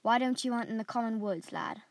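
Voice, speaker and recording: Gruff estate guard, read by a woman. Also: mid-range voice, fairly even intonation, normal speed, no echo, natural voice. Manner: gruff, stern then softening. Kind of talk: storybook reading.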